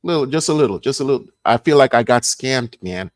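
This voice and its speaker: A man's voice: mid-range voice, expressive, a little fast, dry recording, clean studio sound. A man hosting a casual livestream, rambling and repeating himself as he reads the chat. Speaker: livestream host.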